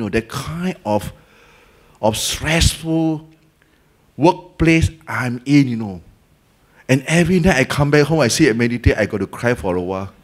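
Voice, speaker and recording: A man with a Singaporean English accent gives a Dhamma talk as a Buddhist teacher. He tells the story lively, acts out the people in it, and mixes in colloquial local words. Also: medium pitch. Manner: colloquial, Malay and Hokkien words mixed in.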